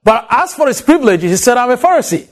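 A man with a Ghanaian accent gives a Bible lecture in a fairly high voice. His pitch rises and falls widely as he lays heavy, drawn-out stress on key words. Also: sing-song. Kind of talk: recorded lecture.

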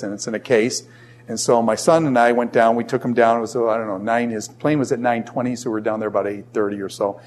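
Rambling middle-aged male professor. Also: mid-range voice. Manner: rambling, animated storyteller with many fillers. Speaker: college professor. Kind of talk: classroom lecture with personal story.

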